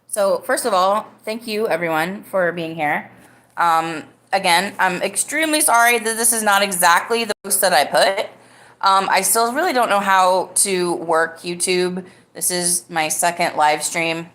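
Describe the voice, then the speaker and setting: A woman's voice: on the low side, a little slow, fairly bright tone, roomy sound. A woman hosting her own live-stream podcast, talking casually and greeting viewers in the chat. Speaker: livestream podcast host.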